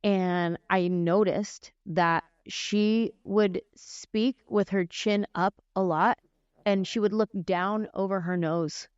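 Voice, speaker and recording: A woman in her forties, a comedian and guest on a podcast, telling stories in a casual, animated way and acting out the voices she describes. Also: mid-range voice, slow pace, clean tone, no room sound. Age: 40s. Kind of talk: casual storytelling in a podcast interview. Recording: dry, slightly muffled lo-fi sound.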